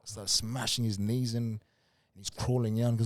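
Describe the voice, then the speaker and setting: A soft-spoken young man from New Zealand, telling stories in a relaxed, casual way as an interview guest. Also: on the low side, brisk, no echo. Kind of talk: casual storytelling.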